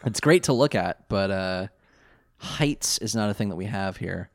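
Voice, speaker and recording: A man in casual podcast chat who rambles, swears freely, and laughs often as he recaps a cartoon. His pitch swings widely and stays animated throughout. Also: unhurried. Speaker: podcast co-host.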